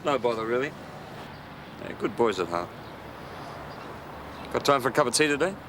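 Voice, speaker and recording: A man's voice: mid-range voice, expressive, normal speed, noisy background, close to an everyday voice. An actor playing a friendly, chatty Australian man next door. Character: friendly, chatty adult male neighbour.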